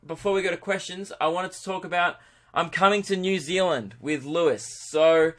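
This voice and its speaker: Fairly high and fairly bright, this young Australian man's voice carries a casual podcast he hosts himself. He rambles, gets crude, and makes fun of himself along the way.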